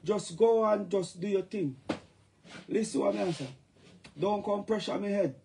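Man, Jamaican accent, middle-aged, high voice, gravelly, joking patois livestream rant. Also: normal speed, dark tone, a little hiss or hum.

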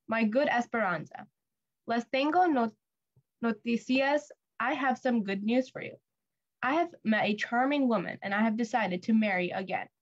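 A woman reading a storybook, voicing a loving widowed father with a gentle manner. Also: on the high side, dull audio, lightly acted.

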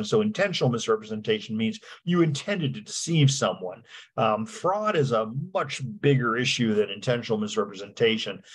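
A man teaching a real estate law class, talking in a halting way with lots of fillers and restarts. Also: medium pitch, husky. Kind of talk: lecture with slides.

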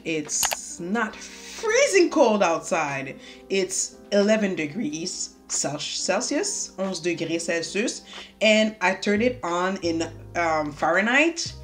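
A young woman chats her way through a makeup tutorial, teasing herself as she goes. Her voice sits a little low, and faint music plays underneath. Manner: chatty, self-mocking, talks while doing makeup. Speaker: beauty vlogger. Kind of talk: casual chatty makeup tutorial. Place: home room.

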